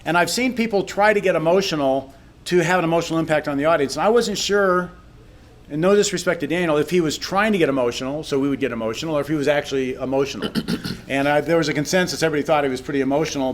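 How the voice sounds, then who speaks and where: A man's voice: fairly high pitch, fast. A man giving a candid, reflective critique of a speech in a casual panel talk, often restarting his sentences. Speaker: public speaking critic on a panel.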